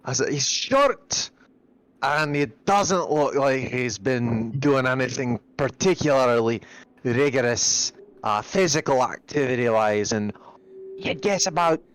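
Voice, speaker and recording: A man playing a tabletop game, describing his character in a rambling way and pausing to search for words. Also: mid-range voice, no echo, poor audio. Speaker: player.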